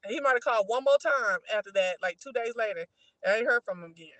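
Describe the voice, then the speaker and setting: A woman's voice: fairly high pitch, animated, fast talker, a bit bright, no echo, poor audio. A middle-aged woman hosting a livestream, chatting casually and telling a story to her viewers, whom she keeps calling "girl". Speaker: livestream host. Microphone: streaming mic.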